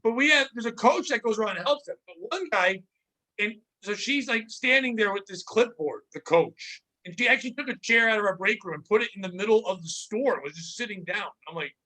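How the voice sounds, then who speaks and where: A man hosting a casual comedy podcast, rambling through work stories with animated retellings. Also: high-pitched, a little fast. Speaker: podcast host.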